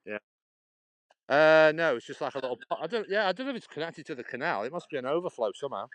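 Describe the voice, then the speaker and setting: On a canal walk outdoors, a Stoke-on-Trent man livestreams, chatting, rambling, laughing often and replying to viewer comments. His voice is on the high side, animated, quick and a bit bright, recorded with no echo on a phone he holds while walking.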